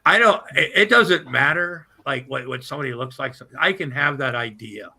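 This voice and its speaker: A man's voice: medium pitch, animated, moderate pace, gravelly, bright, forceful tone. A man chatting on a casual livestream, rambling and crude, poking fun at himself. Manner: rambling, crude, self-deprecating. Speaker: livestream guest.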